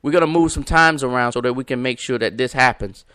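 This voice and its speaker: A man's voice: mid-range voice, fast, pushed and bright, clear, resonant tone, no echo, studio quality. Emphatic preacher-style man hosting live. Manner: emphatic, repetitive, preacher-like cadence; talks to viewers and callers by name. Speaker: podcast host. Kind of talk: live-stream preaching talk.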